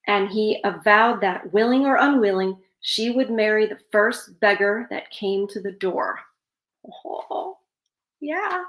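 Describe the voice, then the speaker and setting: Reading a fairytale aloud, a woman stops between passages to toss in sarcastic asides. Her voice is a little high and a bit bright, with lively intonation and a slightly slow pace, heard in a roomy echo.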